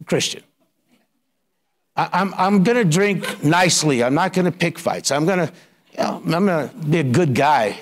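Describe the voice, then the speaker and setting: A middle-aged man pastor telling his personal story in a sermon, colloquial and building to emphatic preaching. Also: fairly high pitch.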